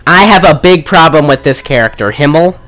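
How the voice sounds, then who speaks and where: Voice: mid-range voice, lively intonation, brisk, a bit bright. A podcast co-host recapping a movie in a casual, rambling way, full of swearing and fillers. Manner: profane, rambling, frequent fillers.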